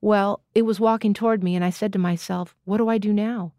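An odd, silent older countryman telling a rambling tale in a plain, slow way, as a woman reads him aloud. Pitch is middle, and the sound is dry and close. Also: fairly even intonation, warm tone, no echo, lightly acted. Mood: earnest.

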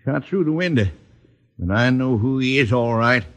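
An actor playing a wounded, crusty old rancher father in a 1950s radio western, with a gravelly, husky voice and a crusty frontier drawl. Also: medium pitch, expressive, normal speed, lightly acted.

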